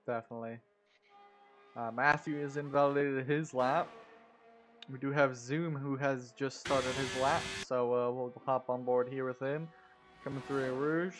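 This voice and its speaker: A man co-commentating a live sim racing session, easygoing and quick to react, with plenty of fillers. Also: medium pitch.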